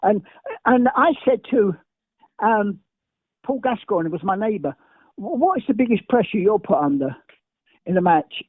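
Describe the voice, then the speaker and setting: A man's voice: high-pitched, lively intonation, normal speed, pauses often, dry recording. An older man from England, a guest telling emphatic, repetitive, rambling stories. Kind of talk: anecdotal interview storytelling. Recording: dry, tinny phone-like sound.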